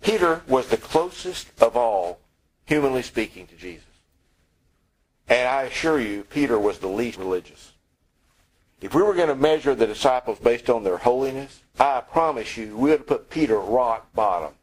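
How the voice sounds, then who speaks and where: Husky-voiced male preacher, conversational sermon. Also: mid-range voice, lively intonation, moderate pace, rough recording. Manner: conversational, wry, acts out quoted lines.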